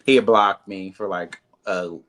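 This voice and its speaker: A man with a bright, forceful voice tells his side of a reality-show falling-out in an interview. He talks in a loose, candid way, full of "like" and "you know," and acts out other people's lines. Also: a little slow. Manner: animated, acts out quoted dialogue in a higher voice; frequent "like" and "you know" fillers. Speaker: reality TV cast member, guest.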